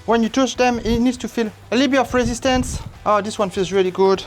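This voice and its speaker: A playful barbecue host talks through a cooking demonstration step by step in a relaxed, easygoing way. Silly asides and sing-song exclamations pop up between the instructions. The voice sits in a middle pitch, with faint music playing in the background. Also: quick pace. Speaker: barbecue cook and channel host. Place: outdoors at a large smoker.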